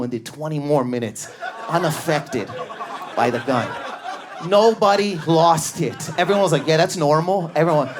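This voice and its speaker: A man from Canada doing a stand-up comedy set on a club stage, high-energy and neurotic, often shouting and acting out voices. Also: moderate pace, slight background noise. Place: comedy club stage before a live audience. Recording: live club recording with crowd laughter. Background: audience laughter.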